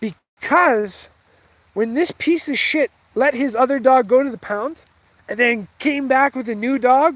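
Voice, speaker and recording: A man's voice: very high-pitched, a little slow, fairly bright tone, no echo. A man telling a rambling, heated story with lots of swearing, in a casual, offhand way. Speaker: vlogger.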